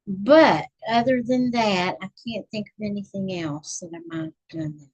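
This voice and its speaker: A middle-aged woman from Texas hosts a relaxed live stream, chatting with whoever drops by. She talks at an unhurried pace with a slightly husky voice. Now and then she counts stitches aloud as she crochets. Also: fairly high pitch, low-quality recording. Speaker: channel host reading books. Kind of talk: casual live-stream chat.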